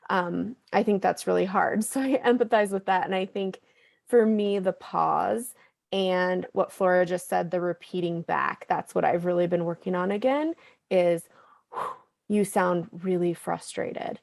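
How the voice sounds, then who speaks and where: A woman and parent sharing in a group call, empathetic and lively as she recounts family moments. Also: fairly low pitch, normal speed, vocal fry. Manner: empathetic, animated when quoting kids. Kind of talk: casual group discussion.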